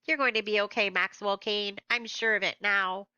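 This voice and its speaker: A woman's voice: mid-range voice, fairly even intonation, moderate pace, pushed and bright, smooth, no room sound, muffled recording. A woman voicing a kind but firm middle-aged school principal, speaking earnestly and reassuringly. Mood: gentle.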